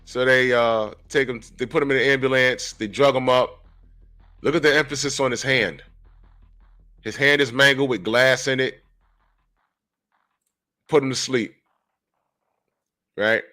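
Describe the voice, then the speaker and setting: A man in his forties giving animated, casual commentary on a comic book, talking straight to his viewers. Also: medium pitch, measured pace, long pauses. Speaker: comic book reviewer and artist.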